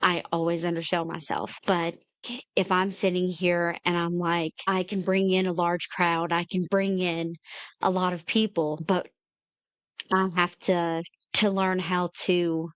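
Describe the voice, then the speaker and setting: Earnest woman with a low voice. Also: flat delivery, measured pace, smooth, dry recording. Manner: earnest, heartfelt, storytelling. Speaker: guest, independent creator. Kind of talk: candid interview conversation.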